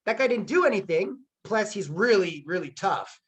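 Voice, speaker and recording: A man's voice: high-pitched, expressive, moderate pace, fairly bright tone. A man voicing a doubtful young male hero sidekick in a retold story, speaking hesitantly.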